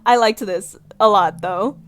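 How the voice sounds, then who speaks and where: A young woman streamer reading a visual novel aloud, giggling and reacting with animated outbursts. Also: mid-range voice, unhurried. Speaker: gaming streamer.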